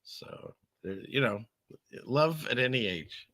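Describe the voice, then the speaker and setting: A man's voice: mid-range voice, lively intonation, takes it slowly, pushed and bright, dry recording, studio quality. A male show host giving casual news commentary, rambling with joking, sarcastic asides.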